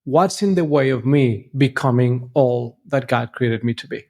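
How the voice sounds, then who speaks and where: A man's voice: medium pitch, measured pace, creaky, a little mellow. A man co-hosting a podcast, speaking earnestly and reflectively with frequent restarts. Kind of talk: movie discussion podcast.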